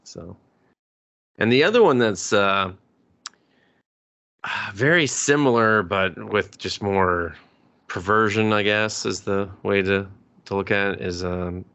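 A man's voice: on the low side, slow pace, vocal fry, long pauses, fairly bright tone. A man co-hosting a podcast, chatting casually and rambling with lots of fillers and sarcastic asides. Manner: rambling, full of likes and ums, sarcastic asides. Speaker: podcast co-host. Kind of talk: casual anime review chat.

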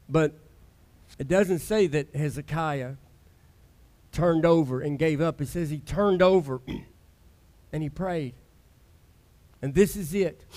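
A male pastor preaching a sermon in a conversational, emphatic style with dramatic pauses. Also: sits high.

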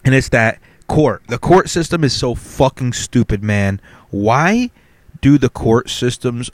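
Profane ranting young man, low voice. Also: dry recording. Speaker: podcast host. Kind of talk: solo podcast rant.

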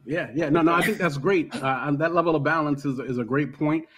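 A man's voice: a little fast, a bit bright, slightly rough. Easygoing man hosting a podcast. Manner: loose and filler-heavy, with playful "yada yada, boom boom" asides. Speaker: podcast host. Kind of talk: casual podcast discussion.

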